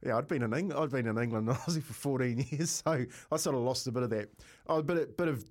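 A middle-aged man with a New Zealand accent, co-hosting breakfast radio and telling a rambling story with lots of laughs. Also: fast. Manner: animated, laughing, raises pitch for quoted voices. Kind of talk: casual storytelling.

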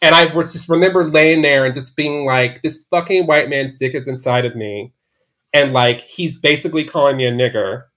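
A man's voice: mid-range voice, moderate pace, a bit bright. A man as a podcast guest, telling a candid personal story from his bedroom at home, rambling with many "like" fillers and restarts.

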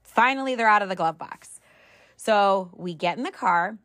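A middle-aged woman casually telling a family story, animated and wry with exasperated humor, acting out the dialogue. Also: medium pitch, normal speed, no room sound. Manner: acts out dialogue with "I'm like".

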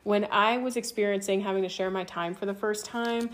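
A woman's voice: medium pitch, fairly even intonation, a little fast. A woman co-hosting a podcast in casual chat, joking and rambling through her points. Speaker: podcast co-host.

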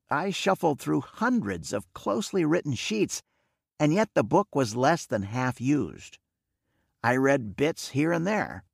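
A man narrating a story in the first person, in a plain and steady manner. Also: medium pitch, vocal fry, breathy edge, no echo, studio quality. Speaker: audiobook narrator.

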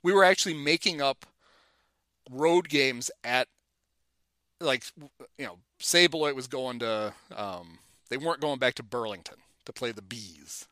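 A middle-aged guest tells baseball-era anecdotes in casual chat, animatedly acting out the people he quotes. His voice is medium-pitched and unhurried, and the recording is dry.

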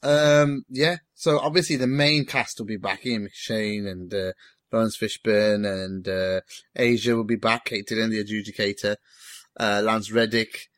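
A man hosting a casual film discussion, animated and quick to swear. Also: on the low side, no room sound, studio quality. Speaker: host.

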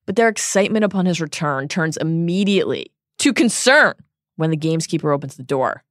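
Woman podcast host retelling chapters, low-ish voice, bouncy swings, dry studio sound. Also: brisk, no room sound. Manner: wry, animated retelling with laughs. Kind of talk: casual book-discussion recap.

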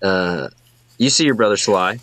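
Deep, slow man narrating a tabletop game. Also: a bit bright. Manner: halting, full of fillers. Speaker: game master.

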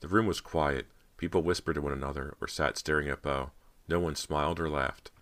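A man narrating a horror audiobook in a steady, measured storytelling manner. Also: rumbling low.

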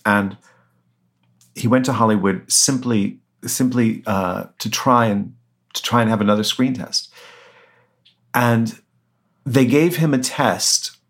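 A man's voice: mid-range voice, takes it slowly, long pauses. A man being interviewed as an author, answering conversationally with many fillers and restarts. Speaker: author guest.

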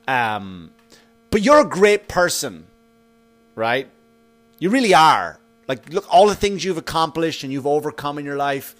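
A man with a fairly high voice rambles through a story in a loose podcast monologue. He swears freely and talks with animated energy. A low mains hum sits under the recording. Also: measured pace. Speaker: podcast host. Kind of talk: casual monologue.

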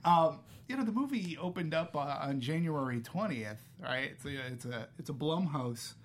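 A man hosting a casual movie review chat, talking in an animated way with sarcastic asides. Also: on the high side, moderate pace. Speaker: podcast host.

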